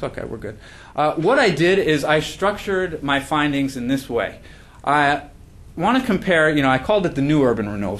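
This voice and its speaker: Man giving a book talk. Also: medium pitch. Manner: frequent fillers and restarts, earnest. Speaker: author presenting his book.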